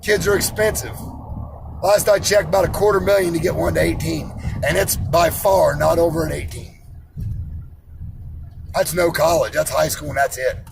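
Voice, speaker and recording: A man's voice: on the high side, moderate pace, creaky, pauses often, slight background noise, poor audio. A man in his forties who works in iron, ranting bluntly and profanely about money and personal responsibility. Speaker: iron worker ranting on camera.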